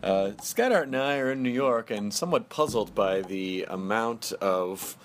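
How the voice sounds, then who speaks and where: A man's voice: fairly low pitch, slight background noise. A man in his thirties hosting a podcast, joking around in casual comedic chat. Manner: joking, playful, quick asides. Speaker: podcast host.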